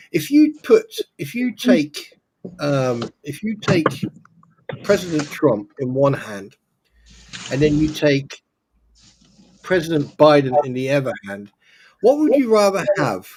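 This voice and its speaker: A man's voice: a little high, sing-song, measured pace, long pauses, a little mellow, slight background noise. A British man co-hosting a casual online show over a video call, joking and rambling in a teasing way. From Britain.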